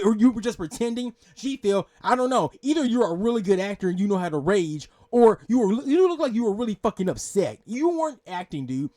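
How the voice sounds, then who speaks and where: A man rants angrily into the mic, hurling curses and scolding. His voice sits high and swings widely in pitch as he berates the person he is reacting to. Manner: yelling, profane, scolding. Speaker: reaction channel host. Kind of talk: angry reaction rant.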